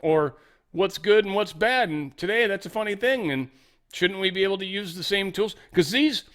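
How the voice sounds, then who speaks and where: A man with a voice a touch higher than most talks through the news in a loose, casual commentary style. He reads a line, then drifts into rambling, sarcastic asides. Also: lively intonation, normal speed, fairly bright tone. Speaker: commentary show host.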